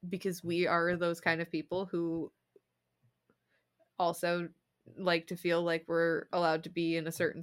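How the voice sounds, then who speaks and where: Bright-voiced, chatty young woman. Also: fairly low pitch. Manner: chatty, giggly, lots of fillers. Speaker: podcast co-host. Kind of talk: casual chat.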